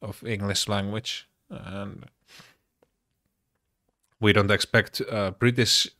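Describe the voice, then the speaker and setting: A man's voice: on the low side, fairly even intonation, slow, pushed and bright, dry recording. A man from Finland with a Finnish accent, talking casually in English with many fillers and restarts. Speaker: podcaster. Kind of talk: casual monologue.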